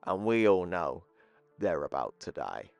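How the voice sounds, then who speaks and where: A man casually recapping a comic book, with excitable, profane commentary. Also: sits low, unhurried, gravelly, no room sound, faint music behind.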